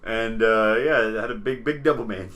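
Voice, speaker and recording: A man's voice: on the low side, moderate pace, fairly bright tone. A man co-hosting a casual podcast, making dry, offhand jokes. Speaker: podcast co-host.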